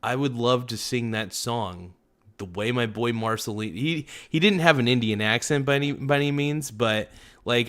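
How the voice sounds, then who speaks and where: A man's voice: lowish voice, a bit bright. A man hosting a casual livestream, rambling and chuckling in a loose, jokey way. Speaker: livestream host.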